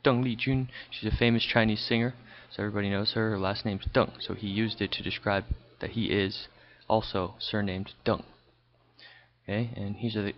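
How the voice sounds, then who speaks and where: A man teaching a recorded language lesson over slides, explaining patiently and checking in with a frequent "okay". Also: fairly low pitch. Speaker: high school Chinese teacher. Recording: dull lo-fi recording.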